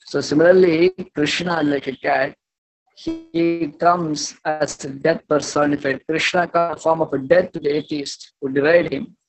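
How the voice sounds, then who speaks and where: A man preaching, telling a devotional story in a lecture, acting out its dialogue with some halting fillers. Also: on the high side, steady tone, faint music behind, rough recording.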